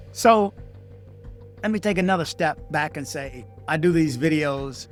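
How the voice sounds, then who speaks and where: A man's voice: on the high side, normal speed, faint music behind. Heated storytelling man from D.C. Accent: Washington, D.C. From Washington, D.C. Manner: animated, heated, acts out texted exchanges in raised voices. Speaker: vlogger. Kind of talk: casual storytelling rant.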